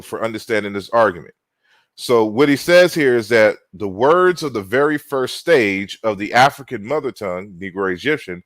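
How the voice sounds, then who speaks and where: A man delivers a lecture at a slow, deliberate pace, often pausing on fillers and repeating words as he works through his slides. His voice sits at an ordinary middle pitch. It is recorded close and dry, with almost no room sound. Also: no echo. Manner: unhurried, frequent "you know" fillers and restarts.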